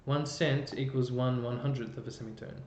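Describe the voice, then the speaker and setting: A chorus music educator teaches an online music lesson, explaining step by step and thinking aloud as he works a computer. His medium-pitched voice is steady, brisk, and darkish, in a roomy, dull lo-fi recording with faint noise.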